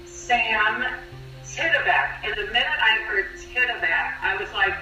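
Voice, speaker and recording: Bright, emotional middle-aged woman, roomy. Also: medium pitch, a little fast, distant mic, faint music behind. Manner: emotional, vivid storytelling. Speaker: mother of the player. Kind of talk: casual interview. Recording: roomy, off-mic sound.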